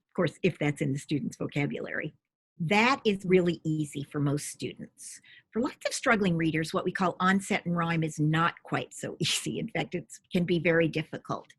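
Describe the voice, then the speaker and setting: A middle-aged woman with a husky, somewhat low voice explains reading instruction to parents. She talks patiently, with a lively, rising and falling pitch, and sounds out syllables and single sounds slowly. The recording is dry and close. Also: no room sound. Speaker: reading expert.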